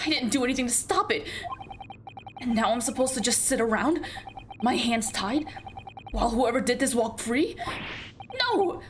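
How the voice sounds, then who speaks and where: A woman voicing an earnest, flustered young male lawyer while reading game dialogue aloud, with halting, apologetic speech. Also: fairly high pitch, background noise, close to an everyday voice. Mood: determined. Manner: halting, apologetic, then insistent.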